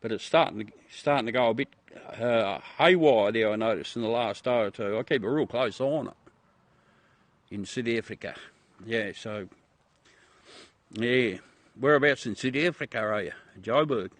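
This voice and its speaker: A man's voice: medium pitch, moderate pace, dry recording. A man from South Australia with an Australian accent, hosting a casual livestream chat with viewers in a blunt, profane way that keeps calling everyone mate. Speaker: livestream host.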